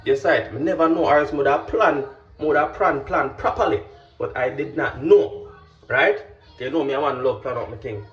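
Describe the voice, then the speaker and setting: A man, a vlogger and pilot telling a story in an animated, casual way and often checking that the listener understands. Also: mid-range voice, a little fast. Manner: animated, keeps asking "you understand?". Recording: roomy, distant, dull with faint music.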